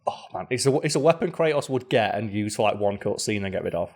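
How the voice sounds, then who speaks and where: Animated podcast guy, casual game chat. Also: fast. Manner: animated, jokes, acts out game characters in high voices. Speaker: podcast co-host.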